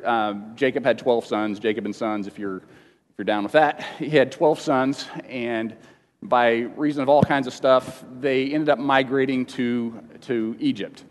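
A man teaching a Bible lesson to a congregation in a casual, halting way, often repeating words and slipping in jokes, at times emotional. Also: mid-range voice. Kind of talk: informal teaching sermon with questions to the room. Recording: long reverb of a large hall.

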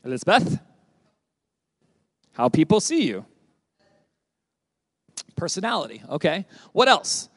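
A man teaching a summer youth group from the Bible, lively and conversational, asking the group questions and repeating their answers. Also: sits high, takes it slowly, pauses often, slightly rough, no room sound. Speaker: youth pastor.

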